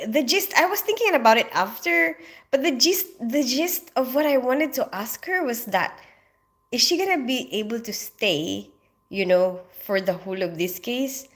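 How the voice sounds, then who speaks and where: A woman's voice: on the high side, lively intonation, unhurried, a bit bright. A sleepy Filipino woman hosting a casual livestream, rambling with many fillers and frequent laughs as she reads out comments. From Philippines. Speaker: livestream host reading comments.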